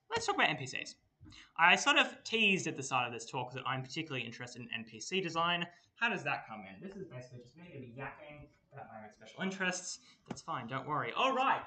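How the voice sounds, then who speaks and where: A lively young Australian man presents a workshop as a casual lecture in a university lecture room, his voice sitting high. He chats and rambles with many fillers, and the recording has a roomy echo from a distant mic.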